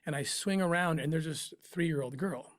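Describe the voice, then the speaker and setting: A man in an interview, telling a personal story in an emotional, halting way with pauses and restarts. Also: fairly high pitch, no echo, clean studio sound. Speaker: interview guest, former undercover operative.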